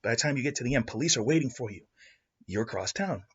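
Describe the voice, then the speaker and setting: A man hosting a podcast, improvising a story in an excitable, rambling way. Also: medium pitch, fast talker, slightly rough. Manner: excitable, rambling, with restarts and laughs. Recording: dull lo-fi recording.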